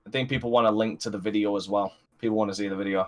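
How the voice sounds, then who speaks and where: A man's voice: lowish voice, steady tone, rapid-fire. A man joining a livestream as a guest, chatting in a crude, joking way with frequent stumbling restarts. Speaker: stream guest. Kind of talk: casual livestream chat.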